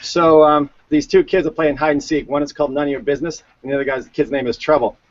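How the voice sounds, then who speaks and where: A man's voice: fairly high pitch, fairly even intonation, fast. A man co-hosting a casual conversation, chatty and given to repeating words as he tells stories. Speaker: co-host. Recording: dull lo-fi sound.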